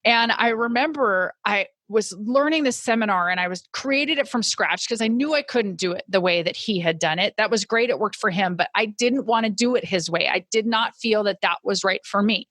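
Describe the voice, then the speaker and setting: A middle-aged woman in a mid-range voice tells her own story as a podcast host, earnest and reflective. She slows down on the words she wants to land. Her voice is close to the mic and dry, with no room sound. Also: mid-range voice, fairly bright tone, no echo. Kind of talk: personal storytelling monologue.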